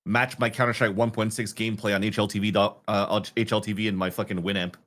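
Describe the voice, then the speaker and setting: Man, 30s, watch-party streamer, lowish voice, casual, swears. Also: little pitch movement, fast, fairly bright tone. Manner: chatty, swears, reacts to plays.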